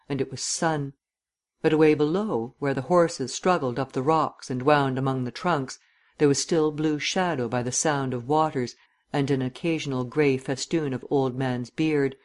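A man narrating a literary audiobook in a measured, descriptive reading. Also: mid-range voice.

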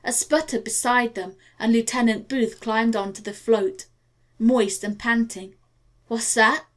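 Woman, audiobook narration, measured, gently expressive, somewhat high pitch. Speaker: audiobook reader. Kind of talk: scripted narration.

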